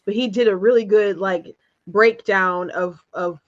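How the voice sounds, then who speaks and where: A woman's voice: medium pitch, steady tone, a little slow, lo-fi sound. A woman hosting an interview show, talking in a rambling, hesitant way with frequent restarts and laughter. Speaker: show host. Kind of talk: casual conversational interview.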